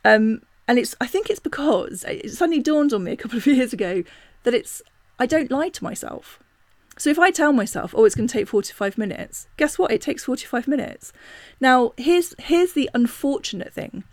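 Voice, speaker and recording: A woman's voice: sits high, animated, normal speed, dry recording. A woman hosting a spiritual self-help podcast, talking casually and reflectively with many asides and self-corrections. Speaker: podcast host.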